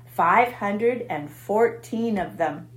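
Woman reading as a tired, wise female spider, soft and gentle, slow, storybook, echoey room. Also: medium pitch, animated. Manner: quiet and gentle, weak-voiced.

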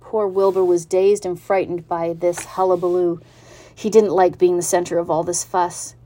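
A woman reading a children's storybook aloud in an even, unhurried narrating manner. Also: fairly low pitch.

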